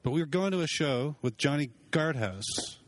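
A man talking on a comedy podcast as a guest comic, telling rambling stories and talking very fast. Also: a little high, lively intonation, no echo. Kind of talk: casual comedy podcast chat.

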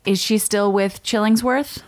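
A woman co-hosting a podcast who reacts quickly and playfully to a grim story, with squeamish outbursts. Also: medium pitch, steady tone, darkish tone. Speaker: podcast co-host. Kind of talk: casual chat.

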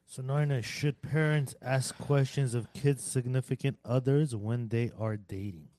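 A man's voice: medium pitch, fairly even intonation, unhurried, mellow, dry recording. A man on a casual talk show, reading out a listener question and trading joking asides. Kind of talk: casual chat.

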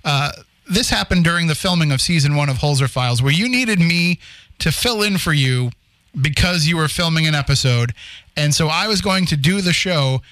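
A man's voice: on the high side, expressive, moderate pace, fairly bright tone, no echo. A man co-hosting a radio talk show, musing aloud with frequent restarts and fillers. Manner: thinks aloud with many restarts and "you know"s. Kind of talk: casual talk radio chat.

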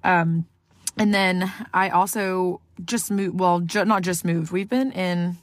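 A woman's voice: lowish voice, slow, no room sound, studio quality. A woman from Southeast Texas hosting a casual solo podcast from inside her car, talking into a phone held to her mouth, rambling, swearing freely and poking fun at herself. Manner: rambling, profane, self-mocking. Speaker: podcast host.

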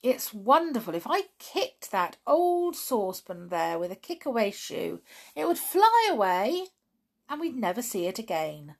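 A woman's voice: on the high side, big pitch swings, a little slow, creaky, voice pushed up, exaggerated voice. Woman doing a keen, chattering brownie boy. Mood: persuasive. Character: cheerful clever male brownie.

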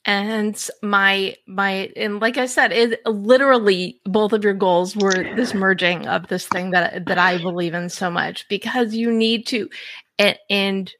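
A woman's voice: mid-range voice, steady tone, measured pace, fairly bright tone, dry recording. A woman hosting a podcast, talking enthusiastically in a casual conversation and often restarting her sentences. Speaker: podcast host.

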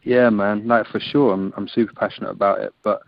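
This English rugby player talks briskly on a casual phone interview, his low, steady voice a bit gravelly. He's easygoing and keeps saying "man." The audio is dull, with no room sound.

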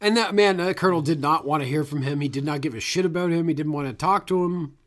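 A man's voice: on the high side, fast. A man co-hosting a casual film podcast, recapping the plot in a rambling way with fillers and the odd swear word. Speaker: podcast co-host.

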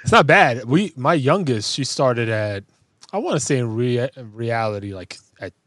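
A man co-hosting a podcast in casual chat, blunt and quick with questions, swearing freely. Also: medium pitch, expressive, fairly bright tone, no room sound, studio quality. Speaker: podcast co-host.

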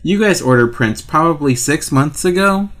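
A man co-hosting a casual podcast over a call, with dry, deadpan jokes. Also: fairly high pitch, normal speed. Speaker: podcast co-host. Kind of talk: casual chat. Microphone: remote call.

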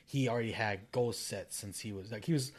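A man's voice: fairly low pitch, brisk, slightly rough. A young man chatting casually about his strict father, rambling and joking, with the odd curse. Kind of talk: casual chat.

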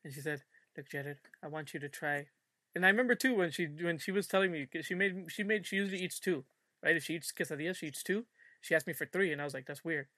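Bright, high-voiced young man telling stories. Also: quick pace, dry recording, studio quality. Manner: animated storyteller, acts out quoted voices. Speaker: podcast co-host. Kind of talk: casual chat.

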